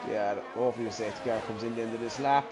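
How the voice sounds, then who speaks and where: A man's voice: mid-range voice, fairly even intonation, rapid-fire, noisy background. A man commentating a live sim race, thinking aloud with many restarts and trailing sentences.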